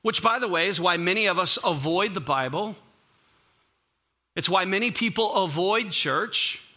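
A man's voice: high-pitched, bright, forceful tone. A man preaching a sermon as a pastor, conversational and emphatic, often repeating words for stress.

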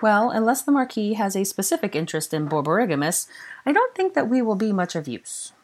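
A woman's voice: mid-range voice, very animated, fairly quick, darkish tone, voice pushed up. A woman voicing a clever, earnest young witch, raising her voice above her own for the part. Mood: probing.

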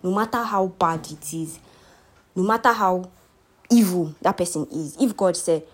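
Husky Nigerian woman giving an earnest faith talk. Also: lowish voice, moderate pace. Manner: earnest, heartfelt, preachy. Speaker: podcast host.

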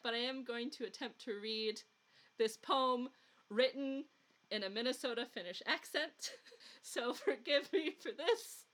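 Midwestern lady on a podcast, rural accent, kinda high bright voice, chatty and giggly. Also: measured pace. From US Upper Midwest, along the Mississippi. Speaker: podcast co-host. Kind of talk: casual podcast chat.

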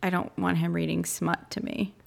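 A woman's voice: fairly low pitch, flat delivery, moderate pace, gravelly. A woman co-hosting a podcast in casual chat, rambling and laughing often. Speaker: podcast co-host.

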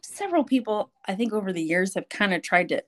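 A woman's voice: mid-range voice, quick pace. A woman co-hosting a podcast, telling stories in casual chat and laughing easily. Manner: animated storyteller, laughs until tearful. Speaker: podcast co-host.

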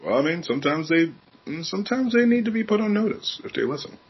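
Speaking fast in a high, slightly rough voice, a male podcast co-host chats casually and swears freely as he tells lively, candid stories. The top frequencies are cut off.

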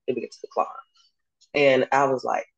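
A young adult woman, a basketball coach, telling her story in a casual interview and acting out the dialogue with lively laughs. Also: a bass voice, a little fast, creaky, lo-fi sound. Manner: animated, acts out dialogue, laughs often. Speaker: basketball coach and podcast guest.

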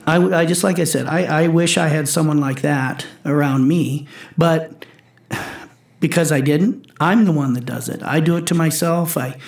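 Intense 40s lifter guy, kinda high voice, cussing, echoey room. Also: moderate pace, gravelly. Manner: intense, swearing, acts out his own quotes. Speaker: powerlifter and coach. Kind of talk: casual podcast chat.

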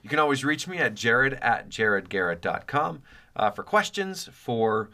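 A man with a bright, forceful voice hosts a podcast from his home office, rambling and joking with plenty of fillers. His voice is still recovering after a chest cold. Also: medium pitch, sing-song, normal speed. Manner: jokey and rambling, many fillers. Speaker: podcast host. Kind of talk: casual rambling podcast intro.

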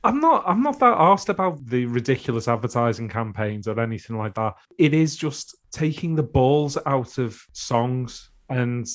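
A man's voice: medium pitch, animated, moderate pace, hardly any pauses. A man co-hosting a music podcast, chatting casually in a dry, opinionated, sweary way. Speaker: podcast co-host.

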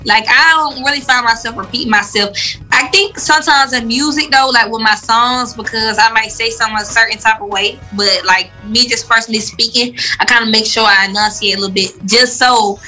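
Young woman, Atlanta Southern accent, fairly high voice, casual guest chat, lots of fillers. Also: fairly even intonation, brisk, sharp tone, faint music behind, low-quality recording. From Atlanta, Georgia, US. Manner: loose, filler-heavy talk with frequent "like". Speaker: guest musician.

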